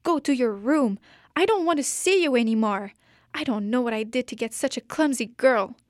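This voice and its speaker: A furious mother who scolds in a raised, quick, harsh voice, as a woman reading a storybook puts her on. The voice sits higher and louder than the reader's own. The recording is dry and close. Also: lively intonation, dry recording, natural voice. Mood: angry. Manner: shouting, fast, scolding. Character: angry mother, yelling and harsh.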